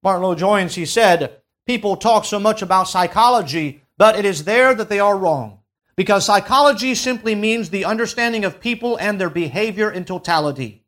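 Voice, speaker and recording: A man's voice: high voice, brisk, a bit bright. A man preaching a sermon, emphatic, rising and dropping in volume and asking the congregation to fill in words. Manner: emphatic, swells and drops in volume.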